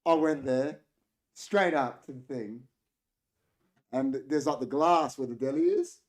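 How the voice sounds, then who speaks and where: An Australian man hosting a casual podcast chat, telling a story with lively acted-out quotes. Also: medium pitch, measured pace. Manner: animated storytelling, acts out quotes. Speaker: podcast host.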